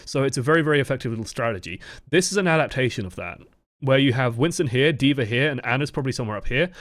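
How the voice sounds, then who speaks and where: A man's voice: medium pitch, dry recording, clean studio sound. A man giving casual, profanity-laced esports analysis of match footage. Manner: casual, profane, lots of "like" fillers. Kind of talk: live match analysis commentary.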